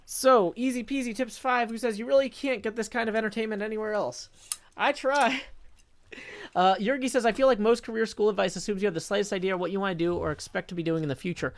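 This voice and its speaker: A man chatting casually on a live stream, reading viewer messages aloud and thinking out loud as he goes. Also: sits high, fairly even intonation, fast, dry recording.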